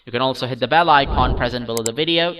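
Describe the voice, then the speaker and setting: A man reading a story aloud as a storyteller, in a measured, expressive scripted narration. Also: mid-range voice, distant mic, background noise.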